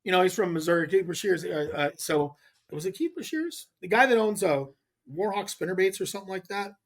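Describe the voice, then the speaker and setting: Man, middle-aged, from California, podcast guest, casual animated storytelling, slightly high voice, stumbles and restarts. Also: a little fast. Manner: animated, acts out others' lines, frequent restarts. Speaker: podcast guest, pro angler.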